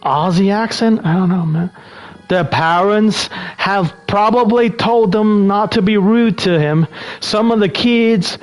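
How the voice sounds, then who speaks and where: Man, streamer, slightly high voice, relaxed reading of game text, faint music behind. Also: a little slow, low-quality recording. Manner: relaxed, breaks off to answer chat. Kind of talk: reading game text aloud between casual chat.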